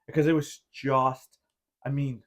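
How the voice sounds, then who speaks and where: A man's voice: mid-range voice, little pitch movement, measured pace. A man hosting a podcast in casual chat, telling a long rambling story full of "like" and acting out his own past reactions. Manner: heavy use of filler "like". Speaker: podcast host.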